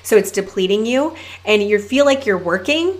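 A young adult woman hosting a solo podcast, coaching her listeners in an energetic, emphatic way and often calling them "you guys.". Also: mid-range voice, moderate pace. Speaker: podcast host and network marketing coach.

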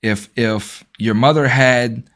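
A man's voice: mid-range voice, takes it slowly, fairly bright tone. A man hosting a podcast, asking puzzled, probing questions. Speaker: podcast host. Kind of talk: interview questions.

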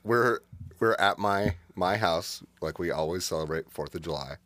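A man's voice: low-pitched, normal speed, fairly bright tone, no room sound. A man co-hosting a podcast, chatting casually and laughing often as he tells a story. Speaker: podcast co-host. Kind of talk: casual chat.

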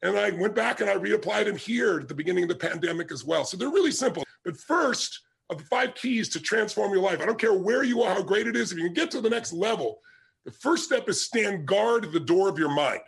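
This middle-aged motivational speaker has a high, husky voice with vocal fry, and he talks in an animated, brisk way. He addresses his audience emphatically, telling stories and hitting key words hard.

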